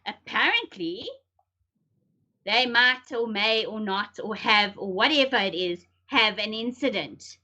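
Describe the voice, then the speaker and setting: A woman's voice: medium pitch, measured pace. A middle-aged woman chatting emphatically as a podcast co-host. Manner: emphatic, animated, sometimes laughing nervously. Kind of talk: casual chat.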